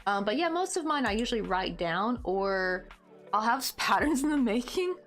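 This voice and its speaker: A woman's voice: fairly high pitch, big pitch swings, moderate pace, a bit bright, faint music behind. Chatty Southern American woman streaming. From United States. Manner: rambling, chatty, full of "like" and "um", reads out chat comments. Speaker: live streamer crocheting. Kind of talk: casual live stream chat.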